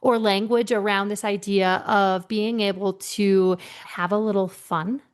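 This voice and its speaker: Middle-aged woman coach, animated storyteller, acts out quotes, mid-pitched voice, podcast guest. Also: unhurried, clean tone. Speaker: leadership coach.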